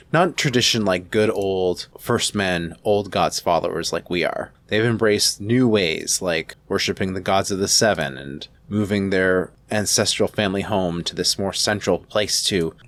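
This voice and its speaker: A man's voice: sits low, fairly bright tone. A man hosting a let's play, talking casually through his strategy game and correcting himself as he goes. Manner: rambling, self-correcting, thinks aloud.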